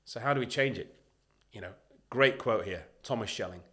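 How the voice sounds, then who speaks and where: A man talking as a guest on a podcast interview, emphatic and animated, acting out what other people say as he makes his points. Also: on the low side, moderate pace. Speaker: podcast guest, leadership consultant.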